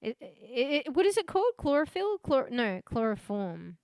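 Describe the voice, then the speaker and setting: A woman's voice: sits high, big pitch swings, moderate pace, darkish tone, dry recording, clean studio sound. Chatty, laughing woman streaming a game. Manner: chatty, swears often, laughs easily. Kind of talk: casual live-stream commentary.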